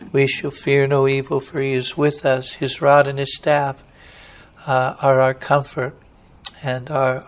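A man, a pastor, preaching a sermon with surges of emphasis and some halting restarts. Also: a little high, smooth.

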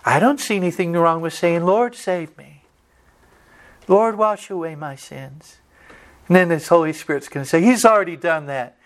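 A man preaching a sermon, his voice sitting a little higher than most men's. He tells homespun stories and acts out the lines of the people in them. He closes by leading a prayer. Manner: folksy storytelling with quoted dialogue. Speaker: pastor.

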